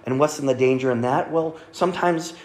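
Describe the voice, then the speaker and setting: A man's voice: medium pitch, fairly quick. A man pastor preaching a sermon in a conversational way, often checking in with the congregation. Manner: conversational, frequent "right?" asides to congregation. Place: church sanctuary. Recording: echoey church room.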